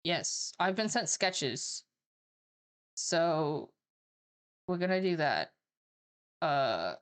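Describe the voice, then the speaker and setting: A woman's voice: low-pitched, sing-song, drawn-out words, clear, resonant tone. A woman streamer reading an interactive story aloud, with joking asides and casual swearing.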